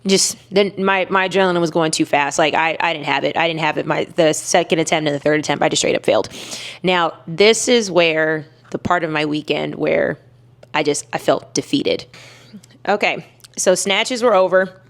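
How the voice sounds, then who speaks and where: A woman's voice: deep voice, moderate pace, creaky. A young woman telling a personal story to camera in a candid, emphatic way, with many fillers and restarts. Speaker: weightlifter vlogger.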